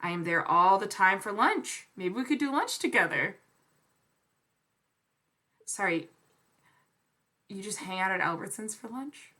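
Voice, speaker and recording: Playful, bright young woman co-host. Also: medium pitch, expressive, a little slow, pauses often. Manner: teasing, playful reader. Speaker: podcast co-host. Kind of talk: casual chat.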